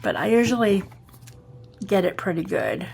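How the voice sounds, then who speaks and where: A woman with a Boston accent talks through a crafting project at home in a relaxed, rambling way. Her mid-range voice has a gravelly edge, and she keeps checking that her viewers are following. A faint hiss sits under the recording. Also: mid-range voice, moderate pace. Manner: chatty, rambling, self-correcting, often checking the viewer follows. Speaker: craft tutorial host. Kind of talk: casual step-by-step crafting tutorial.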